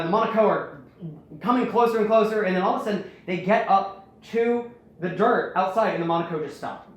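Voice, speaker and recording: Man, casual storytelling host, rambling and animated, higher voice. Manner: rambling, animated, acts out quotes. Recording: very echoey room.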